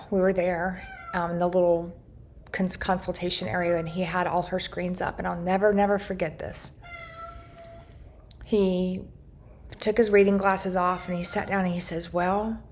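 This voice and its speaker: A woman's voice: lowish voice, a little mellow, a little hiss or hum. A middle-aged woman telling her family's story earnestly, retelling conversations and often restarting her sentences. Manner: earnest, recounts dialogue, frequent restarts. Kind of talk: personal storytelling to camera.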